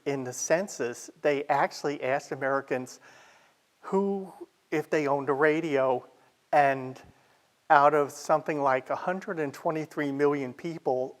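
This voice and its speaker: A man with a slightly raised voice leads an informal history talk. He is conversational and easygoing, pausing on fillers and adding remarks as he moves through his material. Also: fairly high pitch. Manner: chatty, with frequent "uh" fillers and asides. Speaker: library history presenter.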